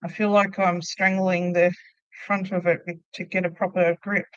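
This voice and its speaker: Middle-aged woman, relaxed crochet-stream host, chatty and laughing often; muffled, dry home-mic sound. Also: lowish voice, moderate pace, clear, resonant tone, no room sound. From Australia. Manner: chatty, laughs often, answers viewer comments aloud. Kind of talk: casual live chat while crocheting.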